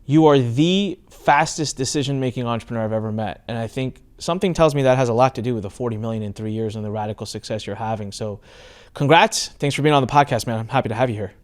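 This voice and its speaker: A middle-aged man hosting a podcast, telling a story with lively acted-out exchanges in casual chat. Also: mid-range voice, fast talker. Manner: animated storyteller, acts out quoted exchanges. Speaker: podcast host.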